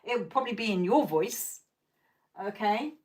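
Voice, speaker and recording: A woman's voice: medium pitch, animated, moderate pace, a little mellow. A woman hosting a live tarot stream who chats with viewers in a blunt, profane way, laughs often, and keeps checking in with "okay?". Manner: coaching, repeats "okay?" to check in.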